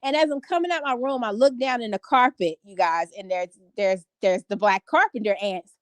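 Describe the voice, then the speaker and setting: Woman vlogger in her 30s, higher voice, dry close sound, chatty storyteller. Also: normal speed, dry recording. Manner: animated storytelling with many fillers. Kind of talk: casual chat to a live audience. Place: home bedroom.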